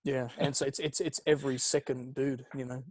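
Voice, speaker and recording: A man's voice: medium pitch, level tone, a little fast, a little mellow. A young man co-hosting a podcast, telling rambling, sweary stories in casual chat. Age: young adult. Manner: rambling storytelling, lots of fillers and swearing. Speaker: podcast co-host.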